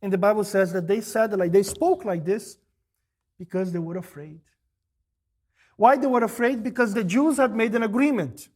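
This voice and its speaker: A male pastor preaching a sermon, firing off rhetorical questions and answering them, moving between loud emphasis and quiet asides. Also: sits high, moderate pace.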